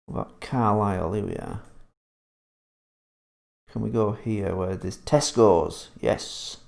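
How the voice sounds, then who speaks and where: Gravelly, sweary streamer. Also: male voice, lowish voice, takes it slowly, darkish tone. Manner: rambling, sweary, reads viewer comments aloud. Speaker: game streamer. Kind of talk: live-stream chat while playing a trucking game.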